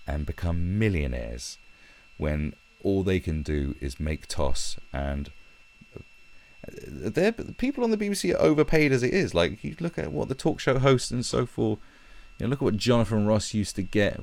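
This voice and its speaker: A young British man on a live stream, ranting heatedly and swearing as he talks from his own room. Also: deep voice. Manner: profane, animated, heated.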